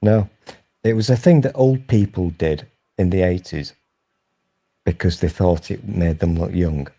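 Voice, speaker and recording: A man's voice: low voice, measured pace, mellow. A man in his forties hosting a casual sofa chat, rambling along in a sweary, mischievous way. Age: 40s. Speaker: host.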